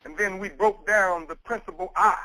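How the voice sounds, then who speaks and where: A man's voice: sits high, normal speed, bright, forceful tone, rough recording. A man preaching a sermon with an emphatic, repetitive cadence. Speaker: minister.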